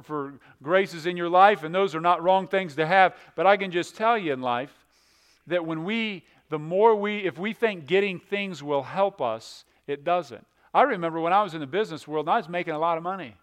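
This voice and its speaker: High-voiced, smooth-toned man preaching a sermon. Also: fairly quick. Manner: dynamic, swings between loud emphatic and hushed delivery; often repeats words and restarts. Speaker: pastor.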